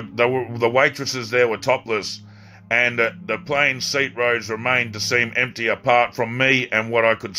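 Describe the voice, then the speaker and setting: Man, author reading his own story, bright tense tone, faint background music, slips and restarts. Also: medium pitch. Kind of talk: first-person story reading.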